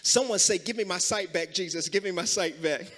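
A man pastor preaching a sermon, calling the congregation to repeat after him and building to loud, emphatic passages. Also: high voice, fairly quick, in a large hall. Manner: call-and-response preaching, rising to loud emphasis. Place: church sanctuary.

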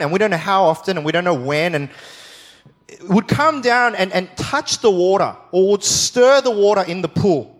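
A man giving a sermon, telling the story with animated emphasis, jokey asides and repeated phrases. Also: high voice, big-room sound. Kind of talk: sermon teaching.

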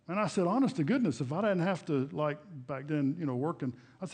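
A man's voice: fairly high pitch, lively intonation, fast, hardly any pauses, a little mellow, slightly rough. An older man preaching a sermon as pastor, in a folksy, conversational way, often rising and dropping his voice. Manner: folksy, conversational preaching with shifting volume and pace. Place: church.

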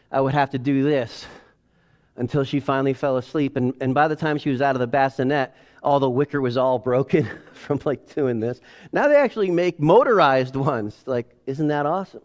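A man in his forties preaching a sermon in a casual, animated way, acting out family scenes. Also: mid-range voice. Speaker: pastor. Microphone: headset or lapel mic.

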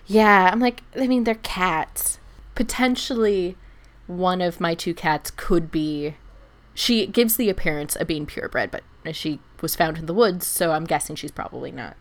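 Woman, casual storyteller, slightly low voice, animated, acts out quotes. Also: measured pace. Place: lives in Germany.

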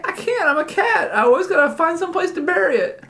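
A woman's voice: big pitch swings, a little fast, a bit bright, slight background noise, exaggerated voice. A woman voicing a chatty male cat who keeps saying meow between his words. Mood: playful. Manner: squeaky, sprinkles meows into its talk.

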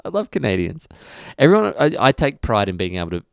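A man's voice: medium pitch, sing-song, fast, vocal fry, clean tone, no echo, clean studio sound. An Australian man co-hosting a podcast, rambling and self-mocking in casual chat, laughing often. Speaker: podcast co-host.

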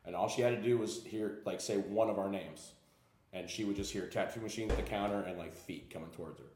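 A man's voice: on the low side, fast, darkish tone, reverberant. A man, a tattoo shop owner, telling rambling, profane stories in casual talk and filling them with "like". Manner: profane, rambling, heavy use of "like". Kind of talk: casual storytelling.

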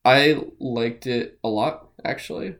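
Man, podcast co-host, casual chat, rambling, excitable, swears a lot. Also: medium pitch, takes it slowly, gravelly.

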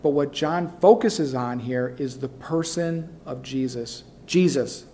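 A man preaching a sermon as pastor, repeating key phrases and swinging between soft low asides and loud rising calls. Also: takes it slowly, a little hiss or hum.

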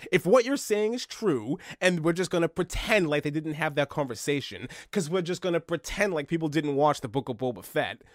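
Excitable man with lively pitch. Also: fairly quick, hardly any pauses, dry recording, studio quality. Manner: excitable, exclaiming, stammers when worked up. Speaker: podcast co-host. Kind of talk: casual chat.

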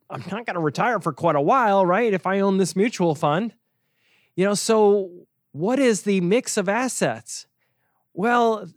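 A man's voice: high voice, dry recording, clean studio sound. A man hosting a talk show, explaining investing in a casual, conversational way, with sarcastic asides and frequent chuckles. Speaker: podcast host and financial educator.

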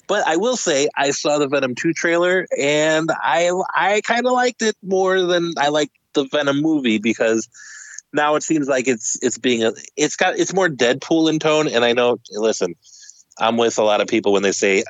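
A man co-hosting a casual podcast, an excitable self-described comic-book nerd giving animated opinions. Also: on the high side, moderate pace, no room sound, rough recording. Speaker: podcast co-host.

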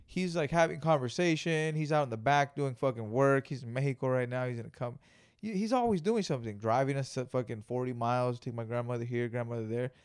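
A young man hosting a podcast in casual, profane, excitable chat, riffing loudly on what he sees. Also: mid-range voice, quick pace, clean tone, no room sound, studio quality. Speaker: podcast host.

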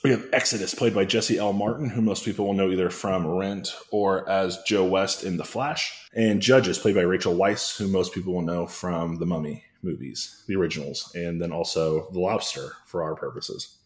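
A man's voice: low-pitched, fairly even intonation, moderate pace, few pauses. A man co-hosting a podcast, narrating a parody story in a casual comedic way, with asides and chuckles.

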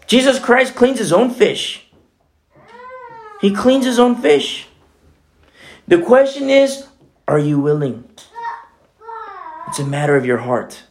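Male pastor, conversational sermon, earnest and chatty, moves between hushed and emphatic delivery. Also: high-pitched, very animated, takes it slowly, long pauses, a little hiss or hum. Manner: earnest, chatty, frequent "you know" asides.

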